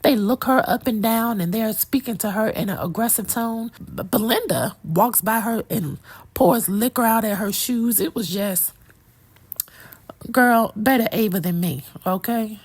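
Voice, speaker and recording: A woman with a fairly high, slightly slow voice and a breathy edge gives an opinionated, sassy movie review. She chats casually and speaks straight to her viewers, calling them "girl" and "child".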